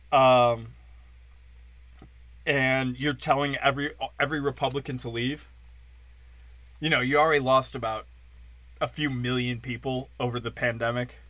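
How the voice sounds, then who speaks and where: A man's voice: mid-range voice, a bit bright, dry recording. A young man, a comedian hosting a podcast, ranting in a blunt, profane and mocking way. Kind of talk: casual comedic rant.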